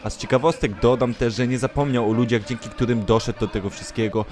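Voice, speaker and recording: A man giving scripted documentary narration in a brisk, even storytelling manner. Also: mid-range voice.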